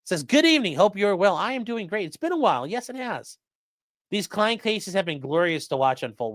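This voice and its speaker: A man's voice: high voice, very animated, a little fast, no echo, studio quality. A man doing mocking, sarcastic live-stream commentary while reading chat, swearing often.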